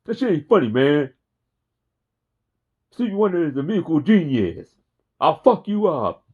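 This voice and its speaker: A man doing a loud, hot-tempered heckler. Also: a little high, sing-song, normal speed, slightly rough, voice pushed up. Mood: angry. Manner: loud, threatening. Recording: dull lo-fi recording.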